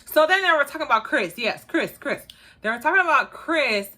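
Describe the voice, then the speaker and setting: A woman chatting casually about a reality show in an animated, sassy way, often laughing and acting out quotes. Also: high voice, fairly quick. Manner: laughs often while talking. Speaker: YouTuber reviewing a reality dating show. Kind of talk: casual chat.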